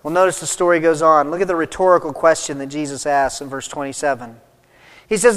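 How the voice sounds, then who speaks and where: A man delivers a sermon in a church sanctuary. His voice sits high for a man, and his emphatic peaks ring out into a long hall reverb. He reads scripture aloud and then works through it with rising intensity. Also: brisk, fairly bright tone. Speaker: pastor.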